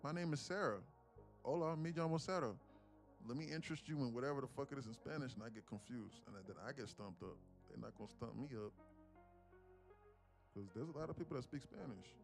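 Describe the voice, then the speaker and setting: A man's voice: mid-range voice, animated, quick pace, gravelly. A man talking bluntly and profanely in a rambling way while day trading on a live stream. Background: music.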